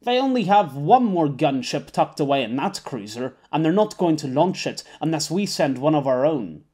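A man's voice: on the high side, lively intonation, moderate pace, dark tone, breathy edge. A man voicing a smug, money-minded male captain who speaks with a plastered-on pleasant politeness in an audiobook. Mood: confident. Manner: smarmy, falsely pleasant. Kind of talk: audiobook character voice.

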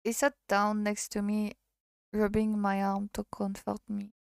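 A streamer from France with a French accent reading a visual novel aloud, halting and correcting herself as she goes. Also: mid-range voice, completely flat delivery, creaky, darkish tone, no room sound, clean studio sound.

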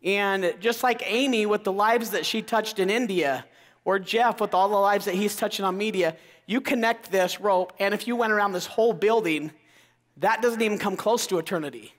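A man's voice: high voice, normal speed, fairly bright tone. A middle-aged man from Idaho giving an enthusiastic motivational talk, calling out questions to the audience in a large auditorium. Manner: enthusiastic, crowd-engaging, calls out questions to the audience. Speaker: motivational speaker. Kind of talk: energetic keynote talk. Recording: long hall reverb.

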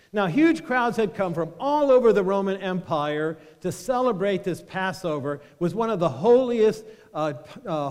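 A man preaching a sermon as pastor, animated and drawing the congregation into call-and-response. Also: high voice, in a large hall. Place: church sanctuary.

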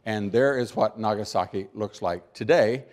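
An American man giving a keynote speech, emphatic, with dry humor, rhetorical questions and deliberate pauses for effect. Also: lowish voice, a little mellow. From United States. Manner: rhetorical questions and repeated build-ups. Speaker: keynote speaker.

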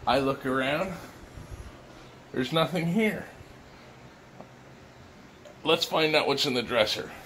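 A man's voice: on the high side, lively intonation, slow pace, long pauses, fairly bright tone, a little hiss or hum. A man talking casually in a home vlog, rambling and jokey with a self-mocking streak, filmed indoors on a handheld camera. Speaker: vlogger.

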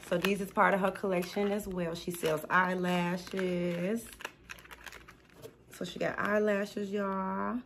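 Excited woman, gushing unboxing chat, faint background noise. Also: on the low side, slow. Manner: excited, gushing, addresses viewers as y'all. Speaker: small business unboxing vlogger.

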